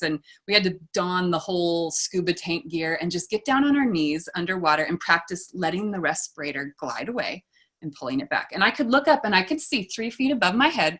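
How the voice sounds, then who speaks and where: A woman author and poet answering interview questions, telling stories in an animated way and laughing often. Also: fairly low pitch.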